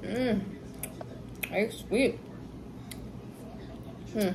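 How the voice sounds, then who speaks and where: A woman's voice: medium pitch, drawn-out words, vocal fry, noisy background. A young woman chatting casually to her viewers while eating, telling a story with laughs. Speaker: vlogger, mother.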